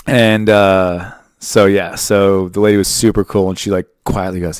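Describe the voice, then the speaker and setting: Brief: thirties male host, low voice, dry close sound, rambling, swears freely. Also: flat delivery, normal speed, clean tone, dry recording. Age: 30s. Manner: rambling, profane, jokey. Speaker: podcast host. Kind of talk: casual monologue.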